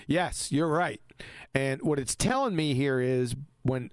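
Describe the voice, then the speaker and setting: A man's voice: mid-range voice, animated, unhurried, clear, resonant tone, no room sound, clean studio sound. A man hosting a voice-chat show, commenting on a debate clip in a mocking way and laughing often. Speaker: host.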